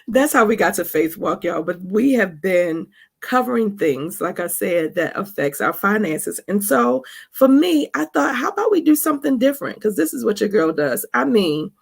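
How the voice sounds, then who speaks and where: Chatty gravelly Baltimore woman. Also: mid-range voice, sing-song, slow. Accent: Baltimore with some Texas. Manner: chatty, calls listeners honey and y'all; laughs often mid-sentence. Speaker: podcast host. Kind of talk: casual spoken monologue.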